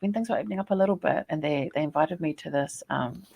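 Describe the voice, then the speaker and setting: A woman from New Zealand with a New Zealand accent, a scholar telling stories in a chatty, animated way on a podcast call. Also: low-pitched, fast, creaky, slightly rough. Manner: chatty, animated storytelling with laughs. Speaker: guest, Māori scholar and poet. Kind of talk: casual podcast conversation.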